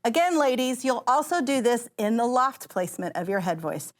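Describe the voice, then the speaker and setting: A woman's voice: a little high, moderate pace. A woman vocal coach, giving an encouraging voice lesson and guiding singers through exercises. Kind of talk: voice lesson instruction. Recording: loud piano music behind the voice. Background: piano.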